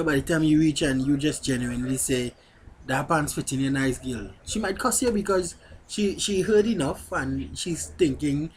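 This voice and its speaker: A man's voice: a little high, a little hiss or hum. A man vlogging in a blunt, candid way, speaking straight to his viewers. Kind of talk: casual talk to camera.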